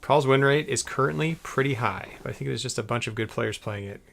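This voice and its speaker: A man's voice: mid-range voice, a little fast, gravelly, a bit bright. A man casually chatting on a live stream while editing a podcast, giggling and muttering to himself as he works.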